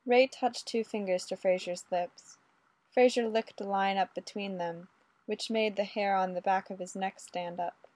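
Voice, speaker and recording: Brief: female audiobook narrator, steady and measured, mid pitch, dry close mic. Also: dry recording. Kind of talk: audiobook reading of adult fiction.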